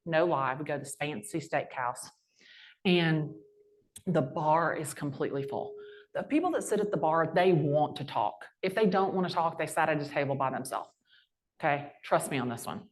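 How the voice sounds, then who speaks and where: A woman, a guest speaker telling brash, folksy stories on stage at a sales rally. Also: low voice. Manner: brash, lively, folksy storyteller. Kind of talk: storytelling talk on stage.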